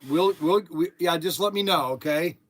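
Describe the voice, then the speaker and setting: High, bright, excitable guy hosting his channel, chatty storyteller. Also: normal speed. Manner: excitable, chatty storyteller with lots of restarts and exclamations. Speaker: channel host. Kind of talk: casual chat in the shop, partly on the phone. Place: workshop.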